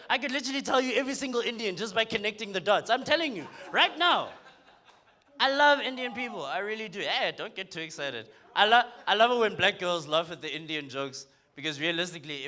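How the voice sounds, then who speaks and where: A man's voice: high voice, fast. A young man from South Africa with a South African accent, doing a punchy, teasing stand-up comedy set on a comedy club stage. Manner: punchy, animated, teasing the crowd.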